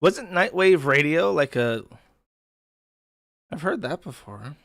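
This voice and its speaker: A male streamer talks straight to his chat in a profane, incredulous tone, mocking what he just watched. His voice sits a bit high for a man. The sound is close and dry. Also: expressive, slow, creaky, fairly bright tone, no echo. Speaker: streamer host. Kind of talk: casual live-stream commentary.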